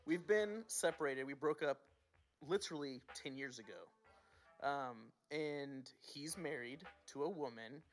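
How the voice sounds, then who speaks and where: A man's voice: fairly high pitch, a bit bright. A man co-hosting a podcast, telling personal stories in casual chat, candid and swearing freely. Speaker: podcast co-host.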